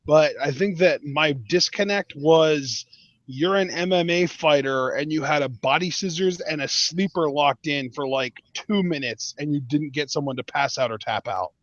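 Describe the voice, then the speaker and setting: Fairly high-pitched and a bit bright, this podcast co-host talks at a moderate pace while giving emphatic opinions about wrestling, frequently restarting. The casual show is recorded in dull, dry lo-fi audio with no room sound.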